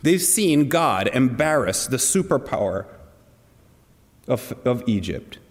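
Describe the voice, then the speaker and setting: A man's voice: mid-range voice, very animated, slow pace, big-room sound. A man preaching a sermon to a congregation, earnest and asking them direct questions. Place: church hall.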